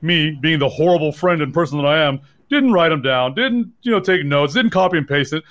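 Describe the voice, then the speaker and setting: Fast-talking, self-mocking male podcaster. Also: fairly high pitch, animated, fairly bright tone. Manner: rambling, self-mocking, laughs often. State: sleep-deprived. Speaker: podcast co-host. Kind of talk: casual chat.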